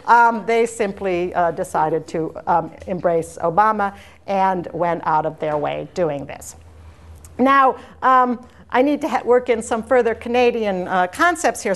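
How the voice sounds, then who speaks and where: Woman giving a discursive academic lecture. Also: mid-range voice. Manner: discursive, anecdotal and digressive. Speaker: university lecturer. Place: lecture room with an audience.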